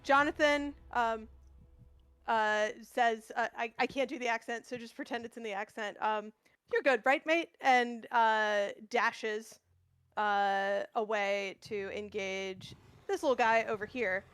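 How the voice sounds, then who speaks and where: A woman's voice: a little high, fairly even intonation, a little slow, fairly bright tone, clear, resonant tone, no room sound. A woman playing a tabletop role-playing game, talking through her character's moves with lots of hesitations. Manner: hesitant, lots of ums and uhs. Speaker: player. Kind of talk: casual tabletop game play.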